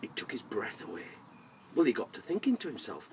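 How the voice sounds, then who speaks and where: A man telling a folk tale to children in a lively way, inviting the listeners to join in. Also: mid-range voice, a little fast, breathy edge, far from the mic. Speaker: storyteller. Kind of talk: oral storytelling for children.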